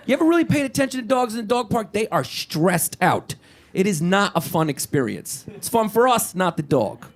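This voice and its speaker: A man doing a stand-up comedy set, animated and conversational, asking the crowd questions. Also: sits high.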